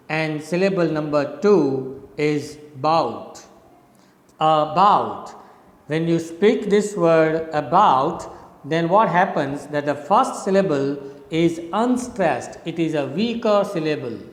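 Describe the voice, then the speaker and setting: Slow-talking Indian English lecturer, echoey room. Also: male voice, on the high side. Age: middle-aged. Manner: explanatory, repeats points, frequent "okay?". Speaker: English literature teacher. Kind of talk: recorded lecture. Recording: roomy echo with long reverb.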